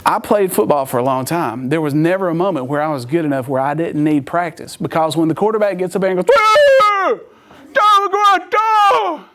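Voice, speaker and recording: A man's voice: on the high side, quick pace, few pauses. A man giving a sermon-style talk as a church speaker, acting out the people in his story and laughing often as he tells it.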